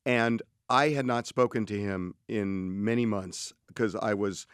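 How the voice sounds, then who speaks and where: A man's voice: lowish voice, a little slow, clean tone, no echo, clean studio sound. A middle-aged man co-hosting a podcast, telling an anecdote in a casual conversational way and quoting what others said to him. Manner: animated anecdote, quotes others in his own voice. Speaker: podcast co-host telling a story.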